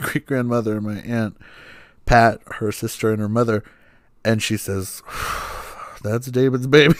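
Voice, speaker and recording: A young man rambles through a personal story as a podcast host. His voice sits fairly low, and he leans on fillers and casual swearing. The recording is dry and close to the mic. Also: a little mellow, dry recording. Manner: rambling, many fillers, swears, laughs while telling.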